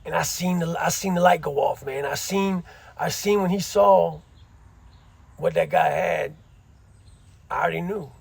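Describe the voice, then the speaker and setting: Husky, gravelly man telling prison stories. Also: fairly high pitch, measured pace, long pauses. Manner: street slang, conversational asides. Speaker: former prisoner telling his story. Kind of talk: casual storytelling.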